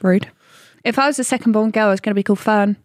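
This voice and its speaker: A woman with an Essex accent co-hosting a casual podcast, chatty, animated and playfully indignant. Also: mid-range voice, fast talker, no room sound, studio quality. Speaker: podcast co-host. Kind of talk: casual chat.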